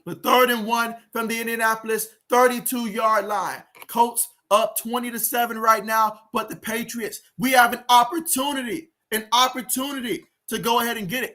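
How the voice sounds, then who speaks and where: A man hosting a live sports watch-along, giving play-by-play, reacting loudly to plays and reading viewer comments aloud. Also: extremely high pitch, moderate pace, hardly any pauses. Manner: excitable fan, shouts and groans at plays. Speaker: livestream sports host.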